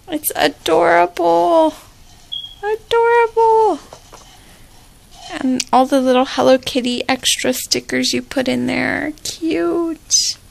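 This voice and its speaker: Young woman vlogger, high and slow, a little gravelly, gushing and teary. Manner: gushing, repeats "so cute" and "I love it". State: emotional, near tears. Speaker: vlogger opening a gift. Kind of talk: casual unboxing vlog.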